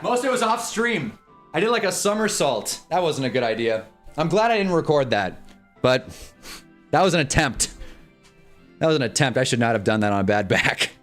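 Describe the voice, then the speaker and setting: A young man live-streaming commentary on a football awards show, swearing and laughing as he swings from loud outbursts to low mumbles. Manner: profane, laughs often.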